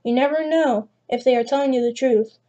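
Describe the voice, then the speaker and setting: A woman's voice: high-pitched, brisk, warm tone, muffled recording. A woman narrating a first-person creepypasta story, reading with frequent restarts. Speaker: channel narrator.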